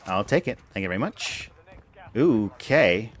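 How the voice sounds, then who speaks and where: A man's voice: lowish voice, sing-song, normal speed. A young man giving casual, wry, rambling commentary while streaming a game. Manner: wry, rambling, self-amused. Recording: game sounds and noise behind.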